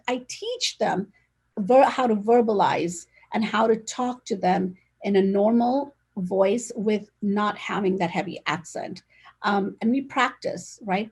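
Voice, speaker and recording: A woman's voice: medium pitch, a little slow, darkish tone, slightly rough. A woman speaking energetically and directly as an interview guest, talking over a video call. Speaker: real estate agent, guest. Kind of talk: casual conversational interview.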